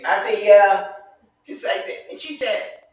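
A middle-aged woman teaching Sunday school in a church, preaching fervently and mixing in chatty personal stories, often rising to emphatic shouts. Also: mid-range voice, animated, normal speed. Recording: echoey room, mic far off.

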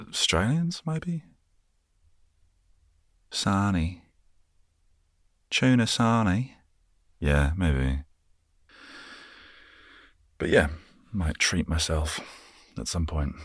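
A young man with an English accent rambles through his own podcast, musing and chuckling at his tangents. His voice sits remarkably low and he takes his time with every thought. The sound is close and dry, with no room around it. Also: slow, long pauses, no echo. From England. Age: 20s. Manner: rambling, musing, easily amused. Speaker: podcast host. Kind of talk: casual solo podcast chat.

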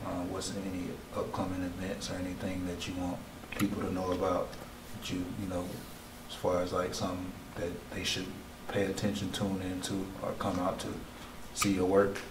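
A man hosting a podcast, his voice very low and strikingly flat in pitch, with rambling questions full of "like" and "right." He sits away from the mic in an echoey gallery, and steady background noise runs beneath him. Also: moderate pace, far from the mic. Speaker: podcast host. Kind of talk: casual interview. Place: art gallery.

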